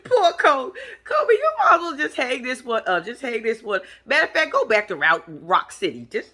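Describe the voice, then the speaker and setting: Brief: lively woman vlogger, casual profane recap with lots of laughs, sharp bright tone. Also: high-pitched, measured pace, pauses often. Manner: animated, profane, laughing commentary. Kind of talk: casual chat.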